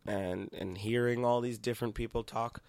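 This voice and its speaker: A man's voice: medium pitch, fairly even intonation, normal speed, creaky, a little mellow, dry recording. A stand-up comedian from Queens, chatting casually as a guest, laughing often and swearing freely. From Queens, New York. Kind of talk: casual chat.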